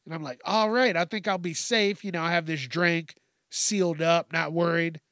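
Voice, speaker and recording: A man's voice: on the high side, fairly even intonation, normal speed, fairly bright tone, no echo, clean studio sound. A man hosting a podcast, delivering a profane comedic rant and laughing at his own jokes. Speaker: podcast host.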